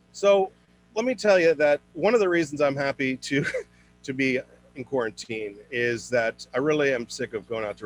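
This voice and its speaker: A young man performing a stand-up comedy set for an online show, switching into high put-on voices for his characters. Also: a little hiss or hum.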